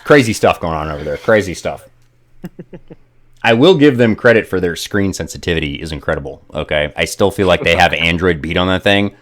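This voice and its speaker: A man's voice: low-pitched, animated, moderate pace. A man hosting a casual gaming live stream, joking and rambling with lots of fillers.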